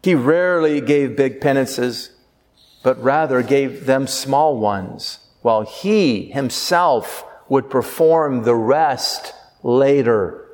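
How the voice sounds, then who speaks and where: A priest preaching a sermon with earnest delivery, slowing down for emphasis. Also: male voice, medium pitch, darkish tone, long reverb tail.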